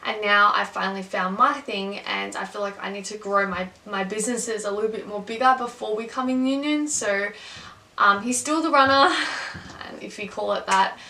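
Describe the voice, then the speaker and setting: A woman's voice: mid-range voice, fairly even intonation, moderate pace, pushed and bright. A woman in her twenties rambling candidly through a personal story, with lots of fillers, as a vlogger. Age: 20s. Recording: echoey room, mic at a distance.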